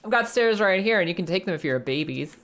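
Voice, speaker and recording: A woman's voice: on the low side, lively intonation, fast talker, close to an everyday voice. Woman doing a smug stair-building man. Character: smug male stair-builder offering an easy way.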